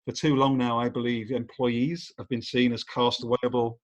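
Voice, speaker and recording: A man's voice: mid-range voice, level tone, normal speed. Reflective male podcast host. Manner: reflective, builds long points with lists. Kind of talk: conversational interview.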